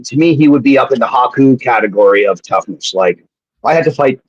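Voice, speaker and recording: A husky-voiced man talks as a guest on a live show. He tells rambling, profane anecdotes and keeps restarting his sentences. The sound is dry and muffled, like a lo-fi feed. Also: mid-range voice, lively intonation, brisk, dry recording. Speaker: guest, former pro wrestler. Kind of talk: casual storytelling on a live show. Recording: dull lo-fi sound.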